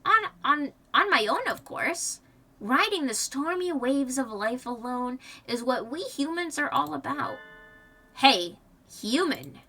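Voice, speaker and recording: A young woman streaming a visual novel, high-pitched and lively, chatting in rambling asides. Her voice is bright. It sits back from the mic with faint music underneath. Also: unhurried, distant mic.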